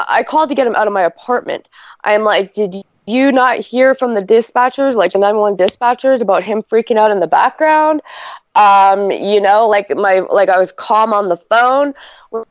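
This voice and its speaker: A woman in her thirties from Canada tells a rambling story on a casual podcast, her voice sitting a little high. She piles on fillers and acts out quoted lines as she goes. The audio is dry and slightly dull, like a lo-fi podcast mic. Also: moderate pace, no echo. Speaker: podcast co-host. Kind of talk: casual chat.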